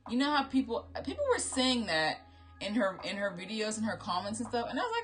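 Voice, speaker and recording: A woman speaking briskly in a higher register does casual reaction commentary over music, recorded through a phone. She talks bluntly with heavy profanity and plenty of energy, mocking people by imitating their voices.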